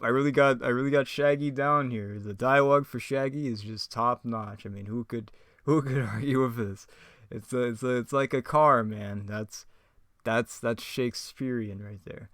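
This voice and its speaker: A man's voice: medium pitch, normal speed, a bit bright, no room sound, clean studio sound. A man in a casual vlog reading his old scripts aloud, rambling and mocking himself. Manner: rambling, self-mocking, chuckles often. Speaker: YouTuber.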